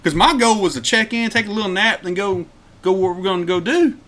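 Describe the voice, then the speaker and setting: A man's voice: high-pitched, fast. A man, co-hosting a podcast and telling a road-trip story in casual chat, acting out quotes. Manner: animated storyteller, acts out quotes loudly, laughs often. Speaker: podcast co-host.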